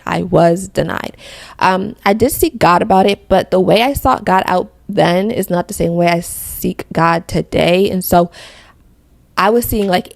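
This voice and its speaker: A woman's voice: lowish voice, vocal fry, darkish tone, no echo. A young woman from Connecticut hosting a faith podcast, telling her testimony in a chatty way with lots of fillers. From Connecticut, USA. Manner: chatty storytelling with many fillers. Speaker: podcast host.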